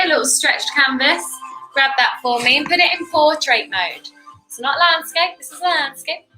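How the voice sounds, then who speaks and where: A woman with a British accent teaching kids to paint step by step, chatty and encouraging. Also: sits high. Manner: encouraging, chatty, laughs easily. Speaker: art teacher co-host. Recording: echoey room with soft music.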